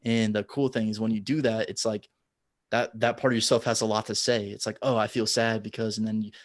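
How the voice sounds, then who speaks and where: A man hosting a podcast, talking in a relaxed, loose way with many fillers. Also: lowish voice, a little fast, no echo. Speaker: podcast host. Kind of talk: casual conversation.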